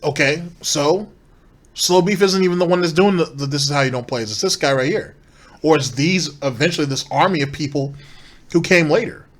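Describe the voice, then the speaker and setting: A man's voice: fairly high pitch, brisk. Sarcastic male commentary host. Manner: critical, sarcastic, rhetorical questions. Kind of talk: reaction commentary on a streamer clip.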